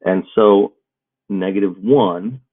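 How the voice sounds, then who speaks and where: Low husky male math teacher, tinny. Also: slow pace. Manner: steady, step-by-step explaining. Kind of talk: recorded math lesson. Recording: muffled phone-like audio.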